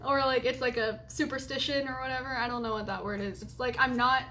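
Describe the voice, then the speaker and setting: A woman's voice: high-pitched, fairly even intonation, normal speed, fairly bright tone, slight background noise. A woman in her late teens talking in a casual confessional vlog, rambling and chatty, laughing often between remarks. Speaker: vlogger.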